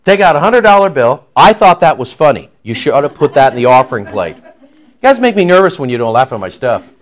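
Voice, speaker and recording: A man preaching a sermon as pastor, jumping from loud declaiming to quiet asides and joking with the congregation. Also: mid-range voice, very animated, brisk. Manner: jokes and banters with the congregation.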